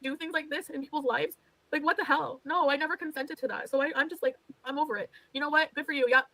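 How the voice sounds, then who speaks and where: A woman's voice: high voice, fairly even intonation, fast talker, bright, forceful tone, no room sound, poor audio. A woman streamer venting on a livestream, exasperated and resigned, swearing often. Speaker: streamer in a played clip.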